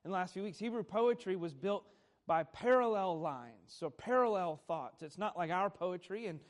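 A man preaching a Sunday morning sermon, teaching at a measured pace, stressing key words and putting questions to the congregation. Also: high voice, expressive. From America. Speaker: pastor.

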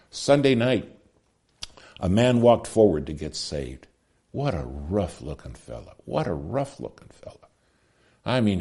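Middle-aged male preacher, dark and husky, dramatic pulpit delivery with hushed drops. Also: sits low. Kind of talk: sermon.

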